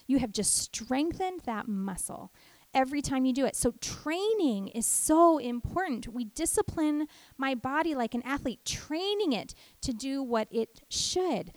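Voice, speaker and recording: A middle-aged woman teaching a devotional message in a high, bright-toned voice. She is an animated storyteller with lots of energy, recorded dry and close with no room sound. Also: a little slow, no room sound. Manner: animated storyteller who acts out family voices. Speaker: women's ministry teacher.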